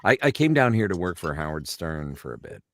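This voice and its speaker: A Canadian man with a very low voice recounts stories as an interview guest, wandering between tangents. His delivery is loose and chatty. The recording is dry and close. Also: sing-song, a little fast, no echo. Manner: rambling, anecdotal, name-dropping with frequent fillers. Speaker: voice actor guest. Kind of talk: casual interview chat.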